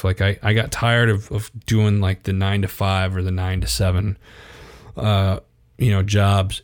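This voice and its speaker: A man in his thirties, a podcast guest, telling stories in a casual interview and acting out quotes in a raised voice. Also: lowish voice. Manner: animated, acts out quotes in a raised voice.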